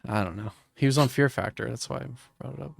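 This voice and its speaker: A man with a gravelly voice co-hosting a podcast, joking and stumbling over his words in casual movie chat. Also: mid-range voice, fast, dry recording, clean studio sound. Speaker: podcast co-host.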